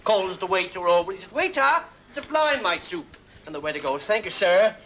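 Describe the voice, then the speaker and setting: A man's voice: high-pitched, expressive, fairly quick, crowd noise, low-quality recording. A man doing a pushy, lonely dinner pest. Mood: bossy. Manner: chatty, bossy, full of jokes and sound effects. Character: overbearing lonely male dinner guest. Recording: studio audience laughter, broadcast noise.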